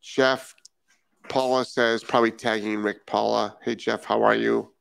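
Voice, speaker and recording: A man's voice: on the low side, flat delivery, a little slow, gravelly, a bit bright, clean tone, no room sound. A man from Rhode Island, a dog trainer hosting a live stream and reading out viewer comments, talking emphatically, repeating key phrases and asking rhetorical questions.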